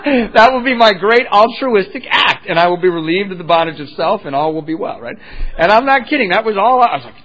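A man tells his own recovery story with lively, self-mocking humor, often breaking into laughter at himself. His voice sits fairly high. The recording is muffled and lo-fi. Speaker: speaker sharing his recovery story at a meeting. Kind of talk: personal storytelling talk.

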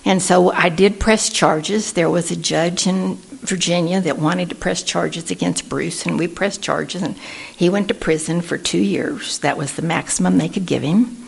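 Speaking at a recovery meeting, a Texas woman earnestly gives her personal testimony, voicing the people she quotes. Her voice is fairly low, gravelly and slightly rough, with fairly even intonation at a normal speed.

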